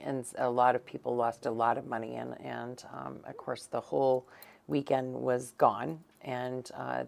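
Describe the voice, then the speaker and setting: A woman's voice: extremely low pitch, creaky. A woman co-hosting a casual local news chat, rambling with many fillers and restarts in a blunt, teasing way. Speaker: co-host.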